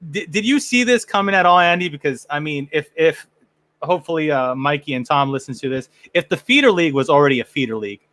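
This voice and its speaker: A man's voice: a little high, lively intonation, fast talker, a bit bright, no room sound. A man hosting a fan podcast, chatting loosely in a slightly raised voice, joking and trailing off into restarts. The sound is dry and close, with no room around him. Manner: jokey, rambling with restarts. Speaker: podcast host. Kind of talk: casual chat.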